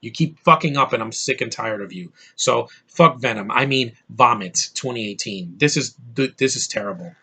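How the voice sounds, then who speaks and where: Bright-voiced, furious ranting man. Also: mid-range voice, moderate pace, hardly any pauses, slightly rough. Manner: exasperated, profane, repeats himself when worked up. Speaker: movie reviewer. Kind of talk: angry ranting movie review.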